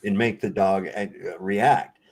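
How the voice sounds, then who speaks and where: A man with a lowish voice tells rambling stories on a live stream, swearing freely and breaking into laughter. His delivery is loose and conversational, the host chatting with his guests. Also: flat delivery, slow, darkish tone. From Virginia. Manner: profane storyteller, laughs often. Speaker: livestream host. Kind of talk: casual chat. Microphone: home streaming setup.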